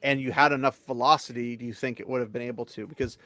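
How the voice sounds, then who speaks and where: A man's voice: medium pitch, fairly even intonation, fast talker, pushed and bright, no room sound. A man on a panel telling stories in casual chat, rambling and emphatic.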